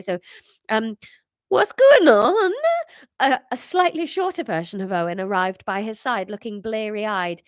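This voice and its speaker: A woman's voice: mid-range voice, fairly bright tone, no echo. A woman hosting a podcast, chatting and reading an improvised comic story, self-mocking and full of restarts.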